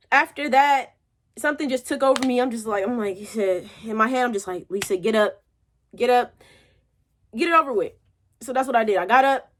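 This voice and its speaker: A young woman speaking in a fairly high voice tells a motivational story as a vlogger. Her talk is loose and chatty, full of everyday slang. It sounds like casual story time straight to her viewers.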